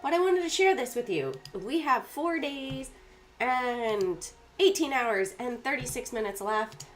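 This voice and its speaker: A woman hosting a stock market livestream in a casual, chatty way, congested and often clearing her throat as she walks through her screen setup. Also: a little high, lively intonation, measured pace, faint music behind.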